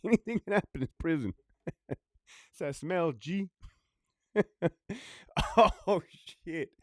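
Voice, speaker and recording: A man's voice: a little high, expressive, takes it slowly, darkish tone, no room sound, studio quality. A man who is a former prison guard, ranting profanely in a casual vlog, rambling and often laughing.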